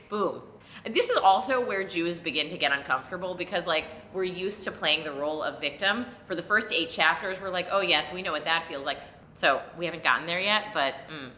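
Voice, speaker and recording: A woman rabbi, a bit tipsy, retelling an old story as comedy and jumping into loud voices for the characters. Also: on the low side, roomy sound, a little hiss or hum.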